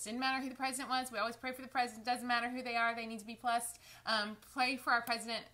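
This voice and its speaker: A lifestyle vlogger chats warmly on a live stream, calling her viewers "y'all" while holding back tears. Her voice is a bit high and steady, and she talks quickly.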